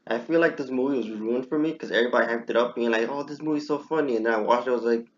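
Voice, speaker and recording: A young man talks casually, retelling what he thought and jumping up in pitch when he replays his surprise. His voice sits at an ordinary middle pitch. The recording is muffled and lo-fi. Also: very fast. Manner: excitable storyteller, acts out his own past reactions. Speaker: podcast host. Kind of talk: casual chat.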